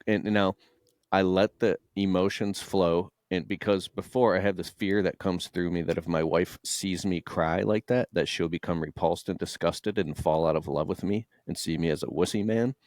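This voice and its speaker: Casting: low-voiced man, late 30s, open and emotional, salty language, dry close sound. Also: fairly even intonation, moderate pace, darkish tone, no echo. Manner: raw, emotional, swears freely, mimics voices. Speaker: guest entrepreneur. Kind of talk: candid conversational storytelling.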